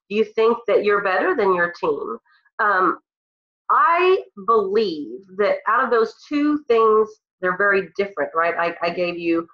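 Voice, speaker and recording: A woman with a cold, leading her team on a call in an earnest, emotional, motivational way. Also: mid-range voice. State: congested from a cold. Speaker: team leader speaking on a call. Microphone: phone or computer on a call. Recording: roomy, dull lo-fi call audio.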